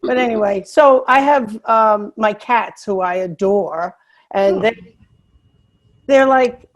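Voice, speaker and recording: A woman's voice: medium pitch, takes it slowly. Female comic from New York, rambling chatty storyteller, video-call sound. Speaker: stand-up comedian. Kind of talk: stand-up storytelling.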